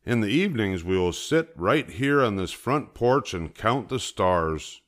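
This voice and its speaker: An older man voicing an eager, cheerful male frog in a storybook read-aloud, calling out excitedly to his friend. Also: lowish voice, measured pace. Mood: coaxing.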